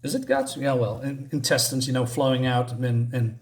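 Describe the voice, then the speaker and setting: A man's voice: medium pitch, little pitch movement, moderate pace. A man casually reviewing a comic book, rambling and hesitant, full of fillers and restarts.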